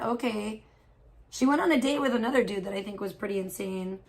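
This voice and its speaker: A woman with a mid-range voice, speaking fairly quickly, hosts a livestream and casually reacts to viewers' messages. Outspoken and blunt, she swears freely, voices loud disgust, fills her chat with fillers and questions to viewers, and is a parent of a young child.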